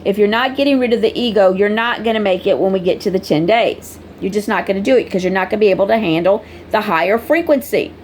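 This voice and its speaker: A woman's voice: mid-range voice, a little hiss or hum. A woman vlogger talking casually and bluntly to her viewers, scolding them in a preachy way. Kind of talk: casual direct-to-camera talk.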